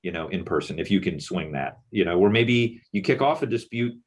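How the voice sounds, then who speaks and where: Husky low-voiced middle-aged man, musing. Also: expressive, brisk. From Texas. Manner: musing, loose with many fillers. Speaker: presenter. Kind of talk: panel discussion.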